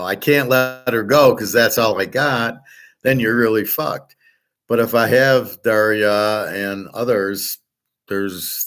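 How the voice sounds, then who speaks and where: A man's voice: lowish voice, fairly bright tone. A middle-aged man talking in a blunt, profane, rambling way, full of fillers, as host of a casual monologue.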